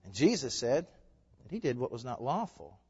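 A male pastor preaching a sermon in a conversational way, asking the congregation questions and swinging between loud emphasis and quiet asides. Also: mid-range voice, sing-song, moderate pace, slightly rough. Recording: long reverb, dull lo-fi sound.

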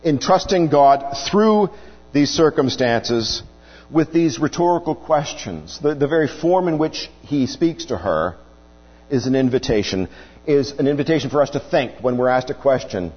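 Male preacher, earnest sermon delivery, animated pitch, long hall reverb. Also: moderate pace, muffled recording. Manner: earnest, explanatory, rhetorical questions. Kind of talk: sermon teaching on scripture.

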